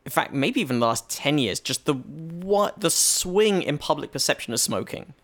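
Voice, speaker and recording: With fairly high pitch, lively intonation and a fairly bright tone, a British man speaks at a moderate pace. He's a comedian appearing as a podcast guest, rambling through a story with many false starts in a casual chat.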